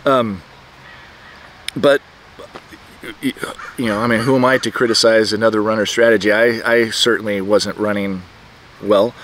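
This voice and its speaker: Halting, rambling middle-aged man. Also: fairly low pitch, steady tone, fairly bright tone, a little hiss or hum. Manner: rambling, halting, many restarts and fillers. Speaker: vlogger telling a personal story. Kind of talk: casual storytelling. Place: outdoors, birds nearby.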